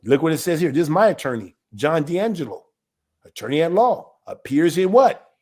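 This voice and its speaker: A man's voice: a little high, very animated, moderate pace, a little mellow. A man, an elder of a small ministry, teaching his viewers informally and emphatically, often asking a rhetorical question and then answering it himself.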